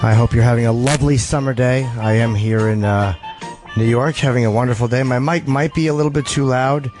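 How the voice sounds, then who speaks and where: A man's voice: medium pitch, steady tone, a little fast, music in the background. A man hosting a call-in radio show, chatting loosely with callers and reading ad copy in between. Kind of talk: casual call-in talk show. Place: studio.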